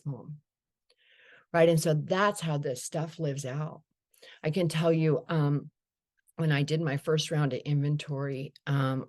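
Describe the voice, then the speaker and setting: A middle-aged woman candidly sharing her recovery story, telling it as a lively anecdote with acted-out dialogue. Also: deep voice. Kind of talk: personal recovery talk.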